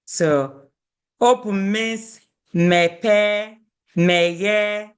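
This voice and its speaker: This is a language teacher in the middle of a lesson, speaking at an unhurried pace at a mid pitch. The teacher repeats every phrase several times and keeps checking that the students follow. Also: animated, a bit bright, smooth. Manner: patient, repeats each phrase, checks in with "okay?".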